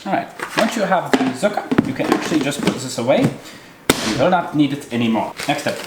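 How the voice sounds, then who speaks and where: A man's voice: on the high side, animated, a little fast, heavy background noise. A man hosting a comic cooking tutorial in an exaggerated put-on German accent, hamming it up and tossing in German words. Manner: hammy, drops in German words. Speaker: cooking show host. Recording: echoey kitchen with loud clattering cookware.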